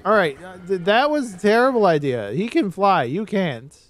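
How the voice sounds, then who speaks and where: A man streaming a game, rambling in casual commentary with sudden excited outbursts. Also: high voice, normal speed.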